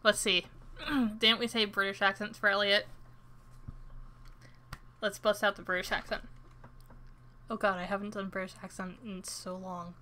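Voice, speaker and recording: A young woman chatting casually while livestreaming a game, talkative and quick to poke fun at herself. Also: mid-range voice, steady tone, pushed and bright, slight background noise. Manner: chatty and self-deprecating. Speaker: streamer.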